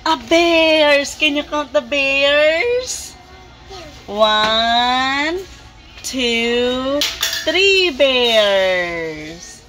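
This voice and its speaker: A young woman playfully teaching her toddler animal names, praising slowly and imitating animal sounds at home. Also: high-pitched, lively intonation, music in the background. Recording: noisy home recording.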